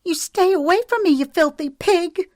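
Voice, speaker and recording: A woman voicing a fiery young woman, a little sister, with a high, sharp and defiant delivery. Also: wildly swooping pitch, moderate pace, no echo, studio quality. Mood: furious.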